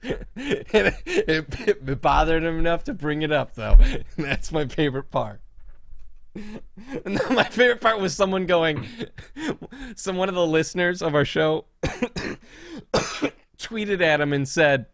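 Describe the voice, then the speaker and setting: Male podcast host, lively pitch, often laughing, dry close mic. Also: normal speed, no echo. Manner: laughs often, excitable and mocking. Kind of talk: casual podcast chat. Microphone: podcast mic with cord.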